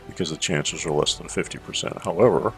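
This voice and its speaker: Casting: deep, gravelly man, calm and measured, talking through a strategy game. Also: soft background music. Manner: measured, thinks aloud with fillers. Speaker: gameplay commentator. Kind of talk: strategy gameplay commentary.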